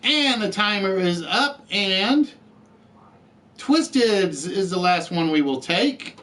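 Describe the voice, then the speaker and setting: A man hosting an online word game show in a chatty, joking way. His voice sits fairly high and moves around a great deal in pitch. He takes his time as he reads out letters and scores to the players. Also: animated, takes it slowly, pushed and bright.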